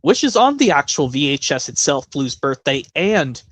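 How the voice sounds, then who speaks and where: A man's voice: a little high, big pitch swings, normal speed, a bit bright. Rambling man on a live stream. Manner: rambling, many self-corrections. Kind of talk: casual live-stream chat.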